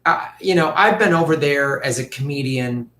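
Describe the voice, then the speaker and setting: A man ranting through casual political commentary, profane and mocking, slipping into quick impressions of politicians. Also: fairly high pitch, pushed and bright, echoey room.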